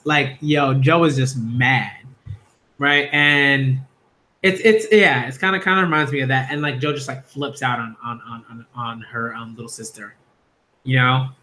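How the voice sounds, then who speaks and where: A man's voice: medium pitch, fairly even intonation, a little slow, sharp tone. A man reviewing a manga in a rambling, chatty live reaction, with slangy asides. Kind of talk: casual live reaction commentary.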